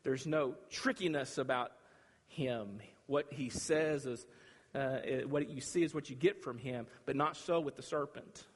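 A man preaching a sermon, emphatic and dramatic, with long pauses between phrases. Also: mid-range voice, slightly rough. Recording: reverberant hall.

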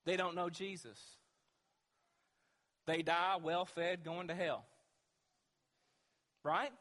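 A man's voice: a little high, sharp tone. A man preaching a sermon as pastor, emphatic and asking the congregation rhetorical questions. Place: church sanctuary with long reverb. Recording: reverberant church hall.

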